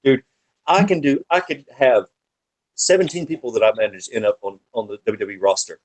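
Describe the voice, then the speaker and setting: A man's voice: mid-range voice, brisk, rough recording. A man talking as a podcast guest, swearing freely while he tells long wrestling-world anecdotes. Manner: profane, animated, rambling anecdotes. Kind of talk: casual storytelling chat.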